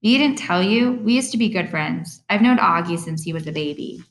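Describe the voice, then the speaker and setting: A self-assured teenage girl with a casual, confiding manner, as a woman reader puts her on. She sounds a little lower than most women. She keeps a knowing ease in her voice. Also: animated, moderate pace, reverberant, rough recording. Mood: breezy. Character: teenage girl, pink-haired, breezy and knowing.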